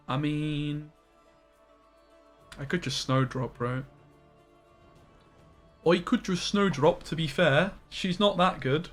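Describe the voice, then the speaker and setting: A young man streams a card game, his voice sitting a little high for a man. He chats fast and informally to viewers and bursts into loud, startled yelps. Faint game music plays underneath. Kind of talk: live-stream commentary.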